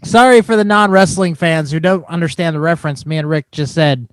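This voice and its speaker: A man with a high, smooth voice co-hosts a laid-back podcast, cracking self-deprecating jokes and laughing along. He sits close to the mic, and the sound is dry with no room echo. He speaks in an easy, casual way. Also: brisk. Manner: joking, laughs often. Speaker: podcast co-host. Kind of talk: casual chat.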